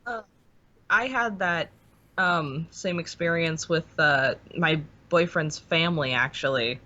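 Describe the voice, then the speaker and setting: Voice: medium pitch, slow, sharp tone. Co-host chatting over a dull line. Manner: brief reactions, short agreements. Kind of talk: casual chat.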